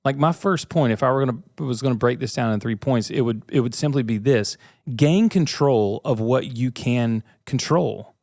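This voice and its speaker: The host of a faith and leadership podcast, a man in his thirties, speaks at a moderate pace with a medium-pitched, darkish voice from a bookshelf-lined studio suite. Earnest and conversational, he puts questions to his listeners; the studio-quality audio has no echo.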